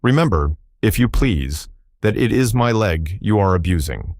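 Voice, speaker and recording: Brief: a stiff, touchy pumpkin-headed fellow who takes offense fast, voiced by a man. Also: lowish voice, expressive, a little mellow, dry recording, clean studio sound. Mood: prickly.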